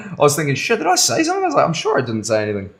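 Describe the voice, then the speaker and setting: Here the tattoo artist's voice is a little high and creaky, with huge pitch swings and rapid-fire delivery. He's live-streaming from the studio while he works, rambling casually, calling viewers bro and laughing often.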